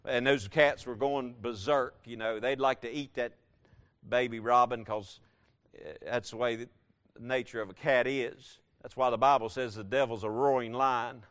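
A man preaching a sermon, repeating key phrases and building from quiet passages to loud, emphatic ones. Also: mid-range voice, steady tone, moderate pace, clean tone.

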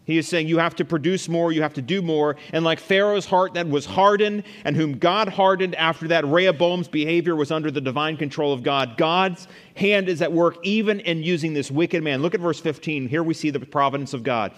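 A man's voice: a little high, fairly quick, a bit bright, in a large hall. A man preaching a sermon, reading scripture aloud and then explaining it verse by verse.

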